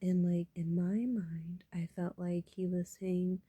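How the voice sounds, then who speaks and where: A woman vlogger musing softly in half-whispers about personal matters. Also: on the low side, flat delivery, takes it slowly, husky, no room sound. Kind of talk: reflective personal talk.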